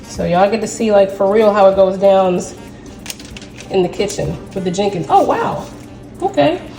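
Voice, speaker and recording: A woman's voice: medium pitch, flat delivery, moderate pace, music in the background. A woman hosting a home cooking video, walking viewers through a recipe in a chatty, upbeat way. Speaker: home cook host. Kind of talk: casual cooking demonstration.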